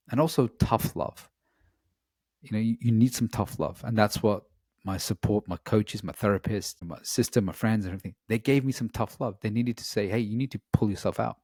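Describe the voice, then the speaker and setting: A man's voice: fairly low pitch, darkish tone, no echo, clean studio sound. A man, a coach being interviewed, telling a personal story in an earnest, reflective way with many "you know" fillers.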